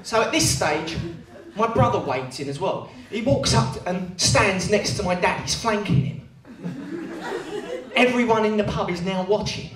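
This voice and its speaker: A young comedian with a high voice, spinning self-deprecating stories and slipping into character voices. He is heard from a distance in an echoey venue, with an audience laughing around him. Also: expressive, measured pace, crowd noise. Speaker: stand-up comedian. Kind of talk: stand-up comedy routine.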